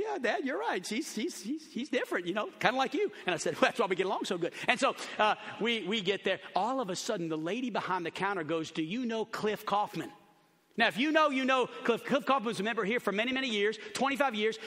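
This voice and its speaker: A man preaching a sermon to his church, telling stories and acting out the voices of the people in them, shouting at the high points. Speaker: pastor. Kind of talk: sermon storytelling. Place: large church auditorium. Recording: long hall reverb.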